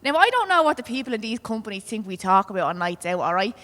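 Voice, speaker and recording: A Dublin woman from Ireland does a stand-up set on a comedy club stage, brash and swearing as she tells stories conversationally to the room. Her voice is on the high side, very animated, quick and a bit bright, heard in a large hall.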